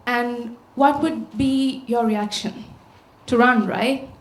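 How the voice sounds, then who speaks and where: A woman's voice: on the high side, fairly even intonation, slow. Sri woman giving a talk. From Sri Lanka. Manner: storytelling, posing rhetorical questions to the audience. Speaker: conference speaker. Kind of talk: public talk. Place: large auditorium. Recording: echoey auditorium sound.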